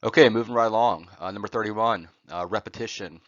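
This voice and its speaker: A man's voice: fairly low pitch, a little fast, a bit bright, dry recording. A man lecturing a college class on poetry, with many "uh" fillers and a habit of asking "right?". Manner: frequent "uh" fillers and tag "right?". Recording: dull, dry lo-fi recording.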